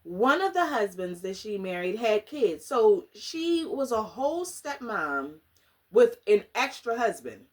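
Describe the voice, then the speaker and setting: A woman chatting casually in a book review vlog, animated and slangy, dramatic and often laughing. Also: medium pitch, a little slow. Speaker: book vlogger.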